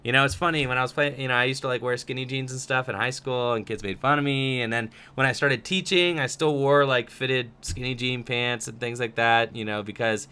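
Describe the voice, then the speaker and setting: A young man with a bright, clean-sounding voice runs a relaxed livestream Q&A. He reads questions from chat and answers in a loose, rambling way full of little fillers. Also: medium pitch, a little fast, hardly any pauses, smooth. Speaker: streamer answering viewer questions. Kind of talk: casual livestream Q&A.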